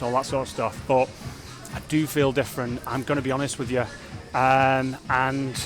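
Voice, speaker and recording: High-energy man vlogging his challenge. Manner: energetic, rambling, self-reflective. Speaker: fitness vlogger. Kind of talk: casual vlog talk to camera.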